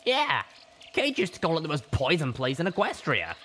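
A man's voice: fairly high pitch, huge pitch swings, moderate pace, pushed and bright, slight background noise, voice pushed up, exaggerated voice. A man voicing a brash, foul-mouthed teenage female griffin, talking bluntly and crudely in a storybook reading.

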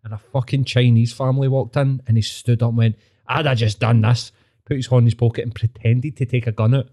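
A man's voice: medium pitch, little pitch movement, quick pace, mellow. Swearing Glaswegian man telling stories. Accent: Glaswegian Scottish. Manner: swearing storyteller, laughs often, mimics people. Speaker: podcast host. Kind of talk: casual chat.

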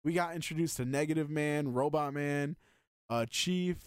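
A man chatting casually as a podcast host, excitedly rambling with lots of filler words. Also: fairly high pitch, moderate pace, smooth, dry recording, clean studio sound. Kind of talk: casual chat.

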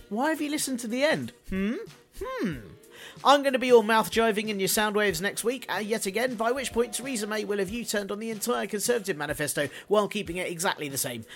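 Male podcast host with a high-ish voice, dry sardonic delivery, faint music behind. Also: a bit bright. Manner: sardonic, jokey asides. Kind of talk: scripted solo podcast segment.

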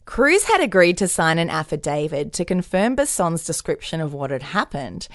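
A woman tells a true crime story on a podcast in a fairly low voice that swings widely up and down as she jokes. Her delivery is casual and punny, with bits of playful acting. The sound is close and dry, with no room echo. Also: normal speed. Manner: jokey, punny, lively storyteller.

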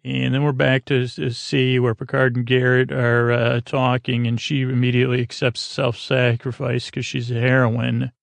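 A man casually retelling a TV episode as a bedtime story, rambling and slangy, with lots of filler pauses. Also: mid-range voice, monotone, gravelly, no echo. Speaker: podcast storyteller.

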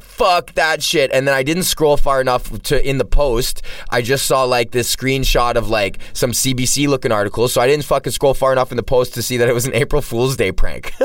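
A man's voice: mid-range voice, clear, resonant tone, no room sound. A man hosting a solo podcast who is also a stand-up comedian, rambling casually with heavy swearing and constant restarts. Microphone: cheap mic, set back from the speaker. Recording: distant, dry sound from a poor mic.

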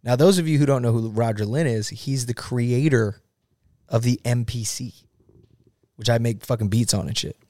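A man in casual interview chat, an animated storyteller who swears and laughs often. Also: medium pitch, moderate pace, no echo. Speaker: guest musician.

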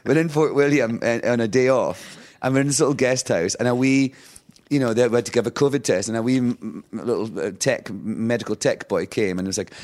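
A man's voice: mid-range voice, fast talker. A Scottish man in his fifties, a talk show guest chatting casually and acting out the voices in his stories with frequent laughter. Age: 50s. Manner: lively storyteller who acts out quotes, laughing often. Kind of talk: casual anecdotal chat.

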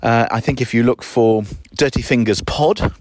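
A man's voice: medium pitch, moderate pace, a little mellow, dry recording, clean studio sound. A man hosting a podcast, giving a casual walk-through of his garden outdoors with wry, self-deprecating asides and a slightly breathless edge. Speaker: podcast host.

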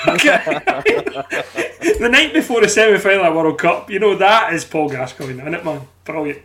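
Man, high-pitched voice, podcast host, animated storyteller, swears, does the voices. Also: normal speed. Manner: animated anecdote teller, swears, acts out the people in his stories. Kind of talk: casual fan podcast chat.

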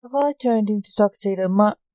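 A woman voicing an eager, confused man in a chicken costume, who talks with excited curiosity in a storybook. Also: medium pitch, slow, no room sound, close to an everyday voice, poor audio.

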